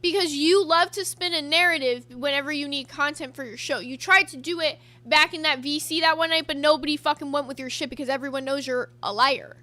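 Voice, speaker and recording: A woman's voice: high voice, fairly even intonation, fairly quick, few pauses, pushed and bright. A woman co-hosting a casual reaction show, talking bluntly and emphatically with plenty of swearing. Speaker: co-host.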